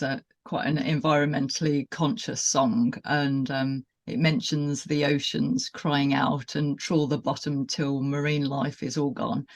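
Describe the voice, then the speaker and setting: A woman interviewer asking a musician questions in a friendly, lightly hesitant way. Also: low-pitched.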